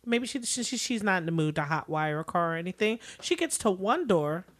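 Woman podcast co-host, steady plot narration, a touch low in pitch. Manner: narrates plot in a measured, storytelling way. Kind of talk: casual recap chat.

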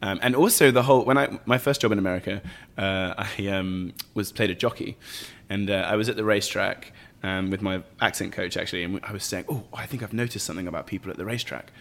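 An actor from Bath, England, chats casually as an interview guest, using many fillers and laughing often. His voice is low-pitched, and he talks fast.

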